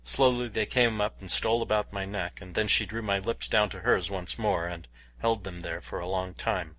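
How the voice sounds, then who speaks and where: Male audiobook narrator, low-ish voice with a bright edge, steady measured reading. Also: slight background noise, poor audio. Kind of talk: scripted narration of a novel.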